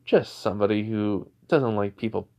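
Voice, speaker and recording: A man's voice: fairly low pitch, normal speed, dark tone, dull audio, lightly acted. A man putting on a smug fire-wielding teen hero. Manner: smug, offhand and taunting. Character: cocky teenage boy hero with fire powers.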